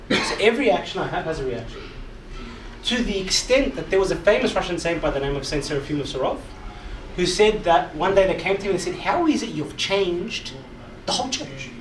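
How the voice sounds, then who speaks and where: A man preaches to a gathered group in a roomy hall, his voice pitched high and swinging widely as he drives each point home. He keeps repeating himself and tossing questions to the listeners, heard from some distance with noise in the background. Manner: repetitive, emphatic, asks the audience questions. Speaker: preacher, youth speaker. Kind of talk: sermon to a live group. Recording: echoey hall, mic far off, audible noise.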